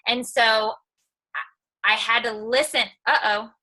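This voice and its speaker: A woman's voice: on the high side, fairly even intonation, measured pace, sharp tone, low-quality recording. A woman who makes online videos, giving a chatty, candid motivational talk on a live video stream. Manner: candid, chatty storytelling with humor. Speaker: online video creator and mom.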